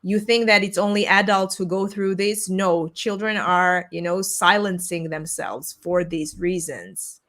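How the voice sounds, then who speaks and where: A woman's voice: fairly low pitch, unhurried, few pauses, fairly bright tone. A woman whose first language is Armenian, hosting a podcast over a video call, talking in an earnest, reflective way and searching for her words. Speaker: podcast host. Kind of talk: casual video-call conversation. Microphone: remote call microphone.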